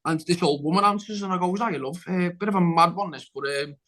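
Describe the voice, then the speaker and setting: A man's voice: high voice, brisk, a bit bright, poor audio. A man, a guest actor on a podcast, telling a long story in casual chat, rambling and restarting, acting out what people said. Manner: rambling, with many restarts and acted-out quotes.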